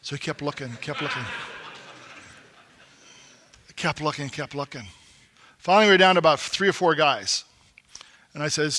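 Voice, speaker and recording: Man, middle-aged, high bright voice, folksy storytelling to men, long hall reverb. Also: brisk. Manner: folksy, acts out quotes, rises to emphatic exhortation. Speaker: men's retreat speaker. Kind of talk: storytelling talk to a men's group.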